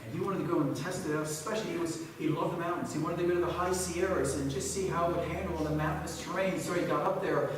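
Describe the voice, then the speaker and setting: Pastor preaching in an echoey church. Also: male voice, fairly high pitch, fairly even intonation, fast talker, hardly any pauses, background noise. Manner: storytelling, rising to emphatic pleas. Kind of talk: sermon. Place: church sanctuary. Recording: echoey church hall from far off.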